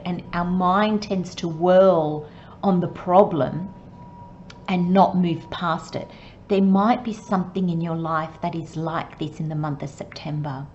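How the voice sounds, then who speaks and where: A woman giving a channelled tarot reading, talking slowly and gently and sometimes dropping to a soft murmur. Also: lowish voice, dull audio, a little hiss or hum. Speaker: tarot reader.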